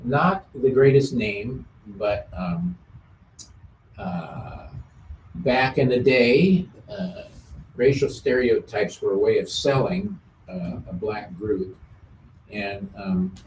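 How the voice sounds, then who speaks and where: A man hosting a music show in casual chat, easygoing, with many filler pauses. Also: on the low side, darkish tone, a little hiss or hum. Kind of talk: casual chat about old songs. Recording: roomy sound from a distant mic.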